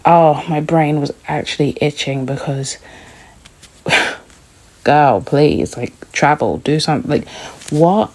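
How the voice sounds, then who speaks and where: A woman's voice: low voice, slow pace, long pauses, a little mellow. A woman hosting a casual TV recap vlog, blunt and opinionated, swearing freely. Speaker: TV recap host. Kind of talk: casual reaction review.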